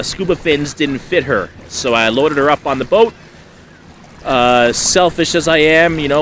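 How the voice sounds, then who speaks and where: Man, bright voice, rambling fishing story, faint outdoor hiss, camera mic by a lake. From Canada. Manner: rambling, lots of fillers, gets loud and high when excited. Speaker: angler telling a fishing story.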